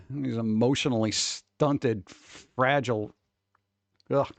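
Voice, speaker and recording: A swearing, exasperated man rants on a casual livestream, sneering at the people he reads about and tossing off quick mocking impressions. His voice sits at an ordinary middle pitch, and the sound is close and dry with no room around it. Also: gravelly, dry recording. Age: adult who worked at a record store. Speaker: streamer reacting to advice posts.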